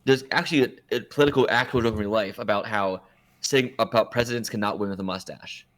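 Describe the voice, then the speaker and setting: A man co-hosts a podcast, casually chatting and rambling through his opinions while often correcting himself mid-sentence. His voice is fairly low in pitch, quick, and fairly bright in tone.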